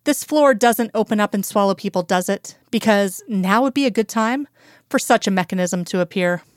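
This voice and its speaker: A woman voicing a chatty, insistent Southern woman, higher and brighter than her narration, in an audiobook reading. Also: moderate pace, dry recording, studio quality, natural voice. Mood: flustered. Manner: bubbly, insistent, higher-pitched.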